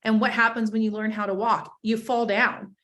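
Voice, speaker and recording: A woman's voice: on the high side, level tone, normal speed, a bit bright. A woman guest on a marketing podcast, talking in a direct, upbeat way. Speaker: guest, agency president. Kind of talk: casual chat.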